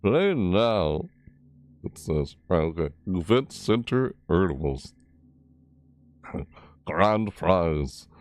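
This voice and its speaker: A man hosting a casual gaming video, rambling goofily, talking to himself and reading event text aloud haltingly. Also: low-pitched, lively intonation, darkish tone, dry recording. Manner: rambling and goofy, talks to himself and reads haltingly. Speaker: gaming channel host.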